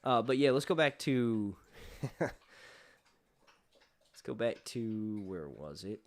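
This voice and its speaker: A man's voice: fairly low pitch, sing-song, slow. A man hosting a casual live stream chat, rambling loosely, swearing freely and often breaking into laughter. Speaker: YouTube host.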